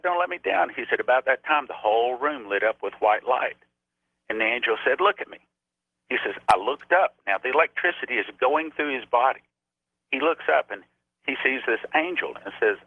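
Guy preaching on the radio, lowish voice, tinny phone sound, real dry. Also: no room sound. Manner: earnest storytelling, retelling quotes in a raised voice. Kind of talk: preaching on a call-in radio show.

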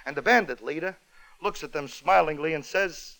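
A man's voice: on the high side, normal speed, bright, forceful tone, poor audio. A man hosting a comedy show, telling a comic story in a wry, joke-timed way. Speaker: comedy radio host.

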